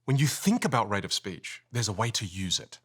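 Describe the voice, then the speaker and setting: Guy coaching voice skills, talks fast, really sing-song, studio mic. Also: sing-song, a bit bright, breathy edge. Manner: melodic, swoops between high and low. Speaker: communication coach. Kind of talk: animated vocal coaching. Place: podcast studio.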